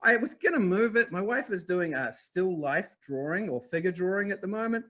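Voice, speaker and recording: A man with a New Zealand accent hosting a live online masterclass, upbeat and energetic, talking straight to viewers in chat. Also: high voice, normal speed. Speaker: webinar host.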